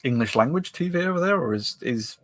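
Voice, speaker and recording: A British man co-hosting a casual podcast, speaking haltingly with restarts and short agreeing replies. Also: mid-range voice, expressive, fairly bright tone, no room sound. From United Kingdom. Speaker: podcast co-host.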